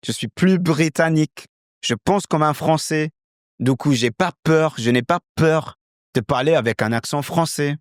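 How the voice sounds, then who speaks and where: A man's voice: on the high side, no echo, clean studio sound, voice pushed up, close to an everyday voice. A man putting on a confident Frenchman. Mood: assured. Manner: lively, drawn-out French intonation.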